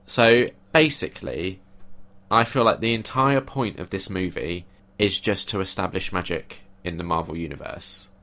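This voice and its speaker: A man's voice: deep voice, normal speed, a bit bright. A man co-hosting a podcast, giving opinionated, casual takes on a film. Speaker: podcast co-host.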